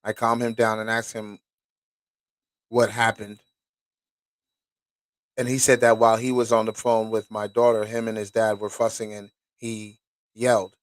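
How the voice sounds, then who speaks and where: A man's voice: fairly low pitch, flat delivery, no room sound. Casual man reading documents aloud. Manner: casual, profane, pauses to react. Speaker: host.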